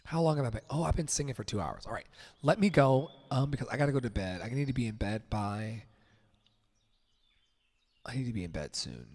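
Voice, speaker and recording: A man's voice: mid-range voice, animated, fairly quick, long pauses, darkish tone, husky. A man hosting a casual late-night livestream from home, chatting in a loose, rambling, candid way and swearing freely. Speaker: livestream host.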